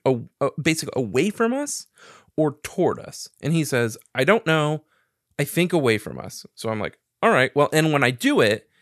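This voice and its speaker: A man spins a rambling, profane story in relaxed chat. His voice sits a bit high and swings widely in pitch. The recording is dry, with no room sound. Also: dry recording. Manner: animated, profane, laughing through a story.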